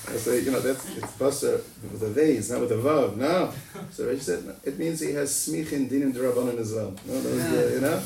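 A man giving an animated Talmud lecture, asking rhetorical questions and tagging many lines with "no?" in a sing-song manner. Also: fairly quick, creaky. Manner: rhetorical questions, often ending with "no?"; sing-song, animated delivery with sudden jumps in pitch. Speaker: Talmud teacher. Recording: echoey room, recorded from a distance, faint noise.

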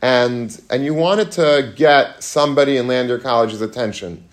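A man's voice: medium pitch, normal speed. A man giving an informal Torah lecture to students, chatty and full of questions to the room, mixing in Hebrew and Yiddish terms. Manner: conversational, asks the audience questions, mixes Hebrew and Yiddish terms. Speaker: rabbi giving a talk to students. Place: room with a live audience.

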